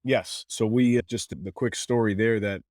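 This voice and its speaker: Earnest low-voiced man telling a story. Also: steady tone, normal speed, darkish tone, dry recording, clean studio sound. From Canada. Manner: emotional, earnest, frequent fillers and restarts. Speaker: podcast guest. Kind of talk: candid storytelling.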